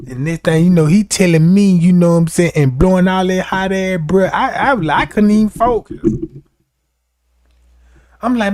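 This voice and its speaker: Clean studio sound, dry and without room sound, captures a young man with a voice on the high side spinning a funny story at normal speed. He's animated and foul-mouthed, talking loosely and repeatedly asking "you know what I'm talking about."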